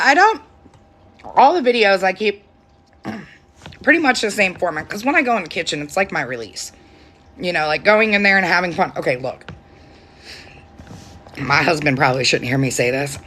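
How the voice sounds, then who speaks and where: A woman's voice: low-pitched, a bit bright, slight background noise. A woman chatting casually and laughing often while hosting a live stream from her phone at home. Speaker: TikTok live host. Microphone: phone camera.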